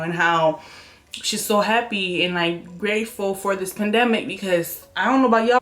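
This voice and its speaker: A young woman telling viewers a story in a casual vlog at home, animated and chatty, acting out what people said to her. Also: medium pitch. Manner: animated, talks straight to viewers, acts out quotes. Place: room at home by an open window.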